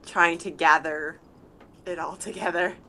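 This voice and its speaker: A woman's voice: on the low side, fairly even intonation, unhurried, bright, forceful tone, slight background noise. A woman guest in a casual chat, agreeing and chiming in.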